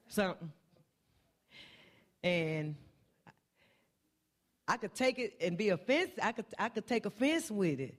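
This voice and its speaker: A woman's voice: animated, unhurried, long pauses. Impassioned woman preaching in church. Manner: impassioned, repetitive refrains, pitch climbing on key phrases. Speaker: church speaker. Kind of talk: sermon.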